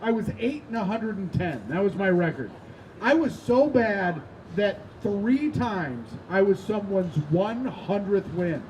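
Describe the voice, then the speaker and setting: A man's voice: sits high, expressive, unhurried, darkish tone, low-quality recording. A man from Indiana doing a stand-up set outdoors on a rooftop, telling rambling self-deprecating stories, swearing and joking with the crowd. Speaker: stand-up comedian. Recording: outdoor noise behind the voice.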